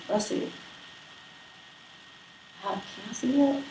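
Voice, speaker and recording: A lower-pitched woman chats casually to her livestream viewers, brash, playful and profane. Her voice carries in an echoey room with faint background noise. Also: measured pace, creaky, pauses often. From Brooklyn. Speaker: livestream host. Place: apartment room in Brooklyn.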